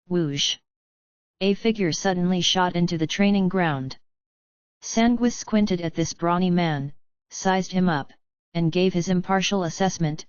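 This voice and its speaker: A woman narrating an audiobook in a steady, even reading style. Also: fairly low pitch, a little slow, smooth, no echo, lo-fi sound. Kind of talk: scripted narration.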